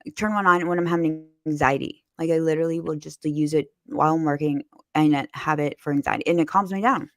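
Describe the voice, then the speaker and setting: Woman, podcast host, low voice, quick blunt profane chatter, dry close sound. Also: no echo. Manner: blunt, profane, animated storyteller. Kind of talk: casual chat.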